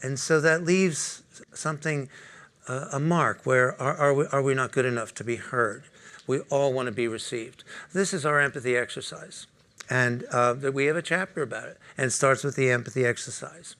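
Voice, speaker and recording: A man's voice: medium pitch, moderate pace, fairly bright tone. A man speaking at a corporate talk, leading a live group exercise and putting direct questions to the audience. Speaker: workshop speaker.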